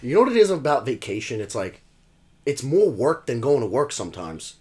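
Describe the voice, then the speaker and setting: A man chats casually with a friend, giving blunt opinions. His voice sits in an ordinary middle range. He vents about everyday irritations in a relaxed, ranting way. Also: medium pitch, a little fast. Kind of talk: casual chat.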